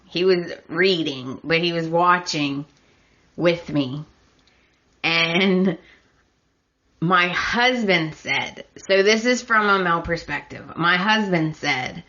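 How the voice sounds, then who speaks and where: Woman podcast host, casual recap, bright sarcastic delivery, slow pace, dull lo-fi sound. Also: lowish voice. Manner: chatty, opinionated, sarcastic.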